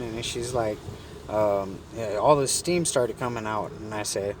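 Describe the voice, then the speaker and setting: A man casually telling a story from his day, animated and profane, acting out the people in it. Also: lowish voice, moderate pace, distant mic, slight background noise.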